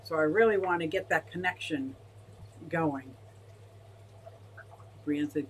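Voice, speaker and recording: A woman hosting a casual fish-keeping livestream, talking in an excitable, gushing way as she reads chat aloud. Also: low-pitched, slow, pauses often, slight background noise, poor audio. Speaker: aquarium fish-keeping streamer.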